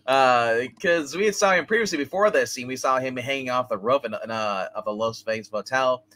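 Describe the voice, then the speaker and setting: A man's voice: mid-range voice, a little fast, bright, forceful tone. A man hosting a movie review podcast, rambling through a plot recap with lots of fillers and laughs. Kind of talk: casual chat.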